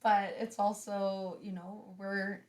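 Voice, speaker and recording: A woman's voice: medium pitch, level tone, takes it slowly, a little mellow. A woman hosting a casual podcast chat, frank and blunt, laughing often. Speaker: podcast host.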